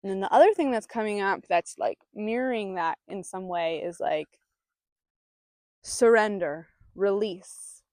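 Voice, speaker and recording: A woman who hosts a spiritual vlog, speaking outdoors in a calm, soothing way with bursts of mock panic. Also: mid-range voice, measured pace, no room sound, clean studio sound. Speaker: spiritual guide and channeler. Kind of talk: casual spiritual talk to camera.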